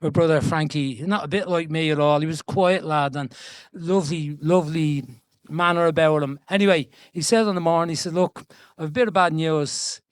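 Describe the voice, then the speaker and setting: An older Irish man from Dublin, in his seventies, spins stories with lively, restless energy and a voice set higher than most men's. The sound is close and dry, with almost no room around it. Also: brisk, clear, resonant tone, no echo. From Ireland. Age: 70s. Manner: chatty, animated storyteller with frequent restarts and laughs. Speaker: guest being interviewed. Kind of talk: storytelling conversation. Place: event stage before an audience.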